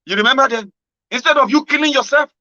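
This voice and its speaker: A Nigerian man with a Pidgin-tinged accent hosts political commentary, here delivering a casual motivational monologue at a fast clip. His voice is bright and dry, swinging animatedly between loud exclamations and low murmurs. The recording has no echo but sounds dull and lo-fi.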